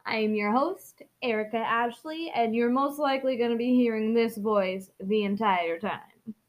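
A woman's voice: on the high side, moderate pace. Bubbly, rambling woman podcast host. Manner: bubbly and rambling, laughing at herself. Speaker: podcast host reading a novel aloud. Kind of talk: chatty intro, then reading aloud.

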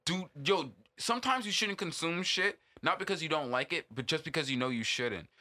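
A man's voice: medium pitch, pushed and bright. A man co-hosting a casual podcast discussion, emphatic and swearing freely as he lectures. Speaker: podcast co-host.

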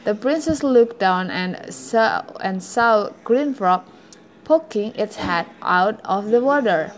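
A woman reading a fairy tale aloud, halting and correcting herself as she goes. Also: medium pitch, animated, slight background noise. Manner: halting, with frequent self-corrections. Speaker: storyteller.

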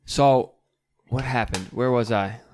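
A man's voice: mid-range voice, slow pace, darkish tone. A young man co-hosting a podcast, chatting in a laid-back way and swearing casually. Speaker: podcast co-host. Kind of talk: casual crude chat.

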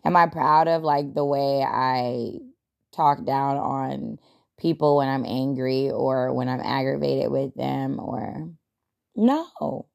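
A woman's voice: very deep voice, slow pace, gravelly, a little mellow. A young adult woman hosting a podcast, talking casually and reflectively, chatty and self-deprecating with frequent laughs. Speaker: podcast host.

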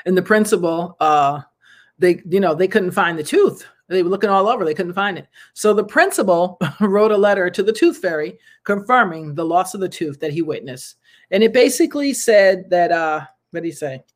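Thirties, casual talk host, rambling, laughs a lot, lots of ums, earnest preachy asides, mid pitch. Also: animated, moderate pace. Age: 30s. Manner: chatty and rambling, with frequent laughs and fillers. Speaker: podcast host and nonprofit founder. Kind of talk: casual good-news monologue.

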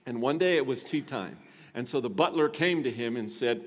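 A man preaching a sermon as pastor, lively and joking with the congregation. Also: medium pitch, normal speed. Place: church. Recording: long reverb of a church sanctuary.

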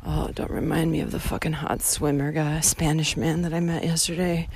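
A young woman hiking vlogger ranting outdoors into her phone, swearing constantly and swinging between shouting and muttering. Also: low voice, level tone, moderate pace, gravelly, slight background noise. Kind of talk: profane ranting monologue. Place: outdoors on a coastal hiking trail.

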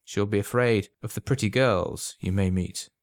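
A man's voice: on the low side, normal speed, no room sound, studio quality, close to an everyday voice. A man reading as a sly old potion seller. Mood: persuasive. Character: sly old man selling love potions, calm and knowing.

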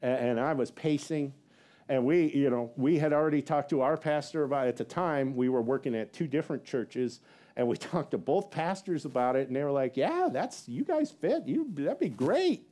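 A male pastor preaching a sermon as a rambling personal story, acting out what people said with big swings in his voice and laughing at himself. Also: a little fast. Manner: animated, acts out quotes with big pitch jumps; rambling with many fillers and self-laughs.

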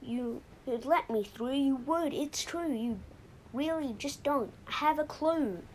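A woman doing a frantic, squeaky little male creature. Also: slow, a little hiss or hum. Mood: pleading. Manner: pleading, frantic. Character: desperate little male creature needing a toilet.

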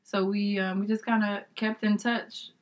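A woman telling a personal story in casual conversation, lively and laughing often, acting out what people said. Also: mid-range voice, moderate pace. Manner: lively, laughs often, acts out quoted dialogue.

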